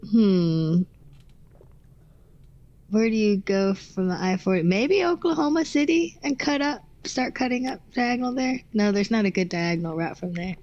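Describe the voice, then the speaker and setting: A woman's voice: medium pitch, moderate pace, darkish tone. A woman co-hosting a live stream, chatting in a casual, playful way and teasing her partner. Her voice is in a middle range, and the recording sounds dull and lo-fi. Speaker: co-host.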